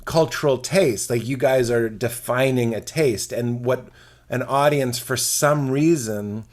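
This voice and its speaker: In a relaxed podcast chat, a comedian man talks in a mid-pitched voice. He is animated and playful and breaks into goofy voices to make his point. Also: measured pace. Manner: animated, jumps into silly character voices. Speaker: comedian guest.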